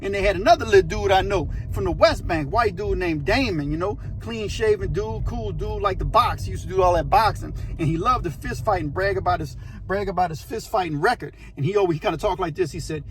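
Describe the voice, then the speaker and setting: A middle-aged man telling a prison story in a casual, slangy, animated way. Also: sits high, brisk, hardly any pauses. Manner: animated, slangy, acts out every voice. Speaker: storyteller, former inmate.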